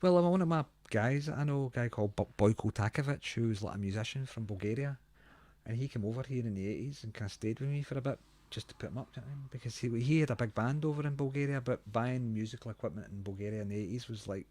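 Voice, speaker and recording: A middle-aged Glaswegian man in relaxed chat, talking in an even, mid-pitched voice. He is blunt and opinionated, swears without a second thought, and laughs easily between points. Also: fast, no room sound. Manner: blunt, chatty, laughs often, swears freely. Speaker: guitar reviewer co-host. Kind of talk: casual chat.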